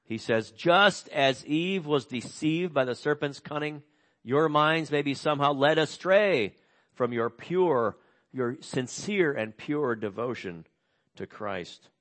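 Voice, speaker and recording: Earnest fairly high-voiced male pastor. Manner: earnest, slows and drops soft on key words. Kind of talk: sermon with scripture reading.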